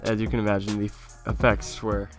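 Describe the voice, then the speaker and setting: Young dude doing a storytime vlog, kinda low voice, laughing as he goes, light swearing. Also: fairly quick, music in the background. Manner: laughing through an animated anecdote, casual swearing. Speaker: YouTuber.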